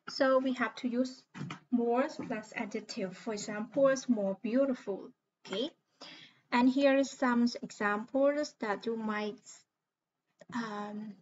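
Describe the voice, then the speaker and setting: A woman from Cambodia with a Khmer accent, a native Khmer speaker, teaching English grammar in a recorded lesson and explaining patiently step by step, spelling out letters. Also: a little high. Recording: slightly muffled lo-fi recording.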